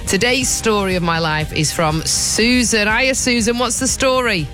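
Energetic woman radio co-host. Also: mid-range voice, a little slow, soft background music. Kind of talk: radio presenting.

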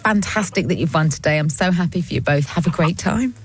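A woman presenting an afternoon radio show, bubbly and quick to laugh. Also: lowish voice, breathy edge. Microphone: studio microphone.

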